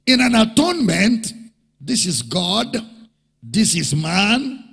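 A man's voice: high-pitched, big pitch swings, takes it slowly, creaky, fairly bright tone, slightly rough. A male pastor preaching a sermon emphatically, repeating key phrases and calling for responses from the congregation. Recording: long hall reverb.

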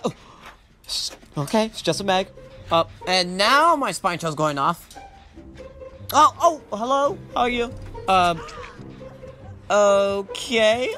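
Young gamer yelling and cursing at the enemy, voice jumping all over, some music in the background. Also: mid-range voice. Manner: excitable, swears a lot, taunts the enemy. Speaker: gamer doing live commentary. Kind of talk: casual gameplay commentary.

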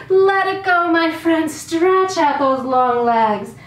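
A woman with a high-pitched, lively voice leads a children's yoga class, unhurried and with few pauses, giving encouraging sing-song cues while slightly out of breath. The mic is distant in a roomy space, with faint music.

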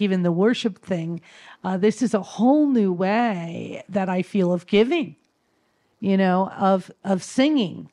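A woman speaks about her spiritual life to a small gathering. Her speech is earnest and tender. She rambles gently, circling back with easy fillers. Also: mid-range voice. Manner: rambling, full of "you know" fillers. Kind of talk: heartfelt spiritual sharing.

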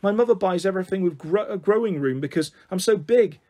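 A man's voice: high voice, lively intonation, brisk, dark tone. A man voicing a big, cheeky, confident schoolgirl witch in a storybook reading, in a raised voice. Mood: rueful. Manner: confident, mischievous.

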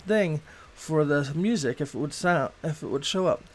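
A middle-aged man from Boston talks loosely through a gaming livestream, his voice sitting a little high for a man. He rambles from thought to thought, with plenty of filler and cursing scattered throughout. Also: moderate pace. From Boston, USA. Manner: rambling, swears freely. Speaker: game streamer. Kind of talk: casual gaming livestream chat.

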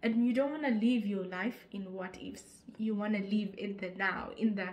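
A woman's voice: medium pitch, normal speed, few pauses. A young woman with a Zimbabwean accent, giving an earnest motivational vlog talk on insecurity. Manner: earnest, preachy, rising to forceful urging. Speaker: YouTuber.

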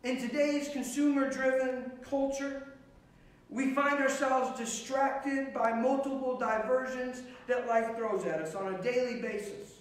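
A male pastor delivers an earnest sermon at an unhurried pace, leaning into repeated phrases. His voice sits high, and it rings through a very echoey space, picked up from some distance off the mic. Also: steady tone. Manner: earnest, emphatic repetition.

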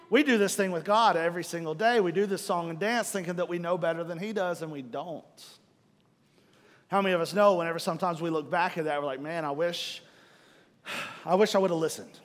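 Middle-aged male pastor, high voice, animated sermon storyteller, live church hall reverb. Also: fast talker. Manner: animated storytelling, acts out own frustration.

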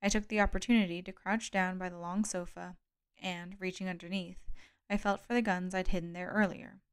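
A woman narrating a novel as an audiobook in a steady, measured reading. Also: on the low side, clean tone. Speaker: audiobook reader.

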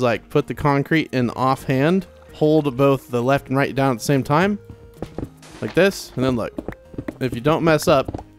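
A young man casually commenting while playing a game, chatty and rambling with lots of fillers and restarts. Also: mid-range voice. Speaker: let's play host. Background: soft game music.

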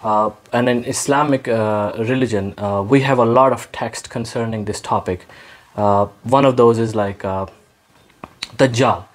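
A man hosting an interview, introducing the series and asking his guest questions in a measured, careful way with many pauses. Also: medium pitch. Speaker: host.

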